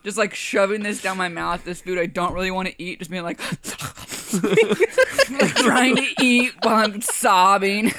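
A woman's voice: medium pitch, a little slow, a crowd in the background. A woman co-hosting a podcast, casually telling a story with laughter between lines. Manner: laughing, animated retelling. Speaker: podcast co-host.

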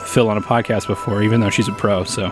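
A man's voice: lowish voice, little pitch movement, quick pace. A man co-hosting a casual podcast, joking around and laughing often, with spooky music playing behind him. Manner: giggly, playful, often breaks into laughter. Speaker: podcast co-host.

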